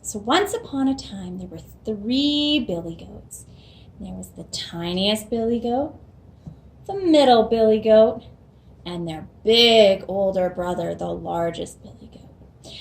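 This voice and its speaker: Woman host, children's storytime reader, unhurried and a touch high. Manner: slow, gentle storytelling.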